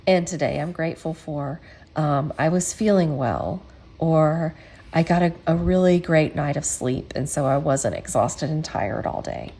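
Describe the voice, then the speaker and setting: A woman's voice: deep voice, darkish tone. A woman hosting a casual craft tutorial, chatty and encouraging, with frequent ums. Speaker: quilting channel host.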